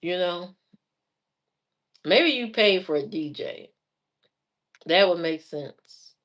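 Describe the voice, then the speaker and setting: A woman vlogger telling stories casually, with a lively voice that rises and falls a lot. Her talk is chatty and animated. She laughs often as she goes. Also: lowish voice, takes it slowly. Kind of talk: casual storytelling.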